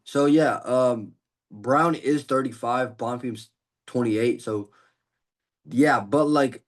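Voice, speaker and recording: A man hosting a podcast, giving a casual, rambling fight breakdown full of fillers, tired and out of breath. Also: medium pitch.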